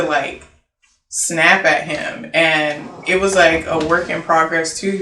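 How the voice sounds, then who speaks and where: A young woman of Haitian origin telling a personal story in casual, animated talk, full of fillers and quoted dialogue. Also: on the low side. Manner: animated, filler-heavy, quoting herself and others. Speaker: interview guest. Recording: roomy echo, distant mic, faint noise.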